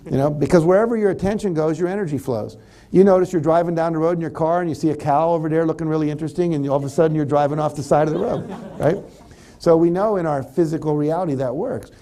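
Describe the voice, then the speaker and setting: A man's voice: on the high side, quick pace, dark tone. A man giving a conversational seminar lecture to a live audience, acting out example thoughts as he goes. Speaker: motivational speaker. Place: lives in California.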